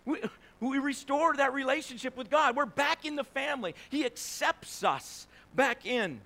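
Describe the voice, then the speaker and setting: Guy preaching a sermon, pretty high voice, chatty, lots of questions to the crowd. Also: animated, moderate pace, pushed and bright. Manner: conversational preaching with rhetorical questions and acted-out quotes. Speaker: pastor.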